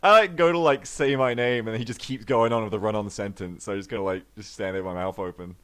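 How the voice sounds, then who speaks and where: Low-voiced man rambling at a game table. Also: steady tone, fast talker, a bit bright, clear, resonant tone. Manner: rambling, with many fillers. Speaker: player. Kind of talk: casual chat over a tabletop game.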